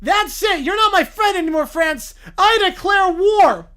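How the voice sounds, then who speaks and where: A woman voicing a childish cartoon bear who is president, whining and throwing shouted tantrums. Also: very high voice, animated, a little slow, voice pushed up, heavily acted.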